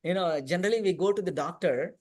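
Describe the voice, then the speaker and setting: A man's voice: high-pitched, fast, darkish tone. Man teaching a class. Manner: conversational, frequent "you know" and "right?". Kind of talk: scripture class storytelling. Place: temple hall.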